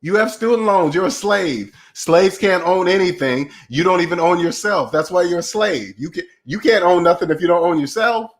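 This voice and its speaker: A man's voice: sits high, moderate pace, few pauses. A man hosting a livestream, ranting in a preachy, mocking way while reading chat, with a voice still getting over a cold. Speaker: channel host.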